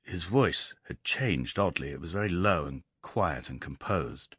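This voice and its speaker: Husky male audiobook narrator. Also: a bass voice, measured pace, no echo, studio quality. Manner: expressive storytelling, voicing characters in dialogue. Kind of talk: storytelling narration.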